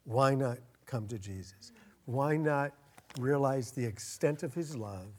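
A man preaching a sermon as a pastor, earnest, getting louder and slowing down to stress his points. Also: mid-range voice, expressive. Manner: earnest, swells louder and slows down for emphasis.

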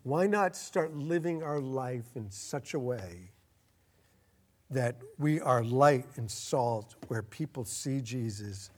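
A man preaching a sermon as a pastor, earnest, getting louder and slowing down to stress his points. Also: mid-range voice, expressive. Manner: earnest, swells louder and slows down for emphasis.

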